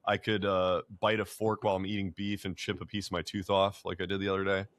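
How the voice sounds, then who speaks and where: A man's voice: deep voice, level tone, fast, a bit bright, no room sound. A man who is a podcast guest, talking in a reflective, easygoing way in casual chat.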